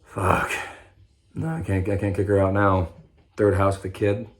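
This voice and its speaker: Here a young Nebraskan vlogger speaks at normal speed in a low, level voice. He tells his own recovery story off the cuff, rambling and cursing, breaking off and starting over again and again.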